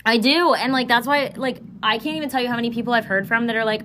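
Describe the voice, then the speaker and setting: A young woman with a Philadelphia accent hosting a casual podcast, sassy, swearing and animated, recorded on a phone next to her computer. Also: on the high side, fast talker, noisy background. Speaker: podcast host. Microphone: phone beside computer.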